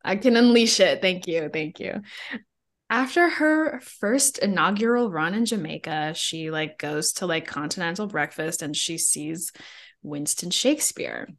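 A woman's voice: lowish voice, animated, a little slow. A woman co-hosting a podcast, recapping a film in casual chat with blunt jokes and frequent laughter. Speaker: podcast co-host.

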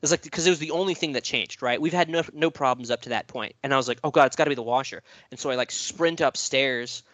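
A man's voice: mid-range voice, fast, fairly bright tone, dry recording. Swearing, rambling guy telling a story. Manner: rambling, profane, lots of fillers. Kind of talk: casual storytelling chat.

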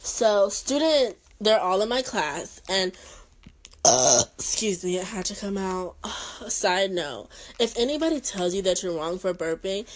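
A woman's voice: mid-range voice, lively intonation, unhurried, poor audio. Chatty young woman telling rambling stories. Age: young adult. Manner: chatty, rambling, joking asides. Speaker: podcast host. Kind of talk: casual podcast monologue.

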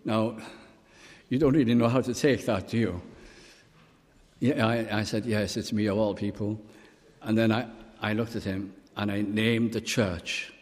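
An older man from Wales preaching a sermon, telling personal stories and quoting scripture slowly. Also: fairly low pitch, steady tone, long reverb tail. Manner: storytelling, warm pauses, quotes scripture slowly.

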